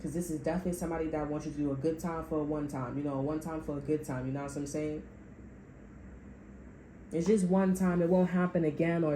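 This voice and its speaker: A woman's voice: low voice, fairly even intonation, fast, mellow, roomy sound, a little hiss or hum, rough recording. A woman giving a tarot reading, talking to her viewers in a blunt, profane, sassy way. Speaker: tarot reader. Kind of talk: casual spiritual reading monologue.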